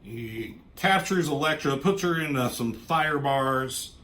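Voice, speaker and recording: A man's voice: on the high side, takes it slowly, a bit bright, a little hiss or hum. A man reviewing a comic book in casual, rambling chat, swearing offhandedly and trailing off into asides.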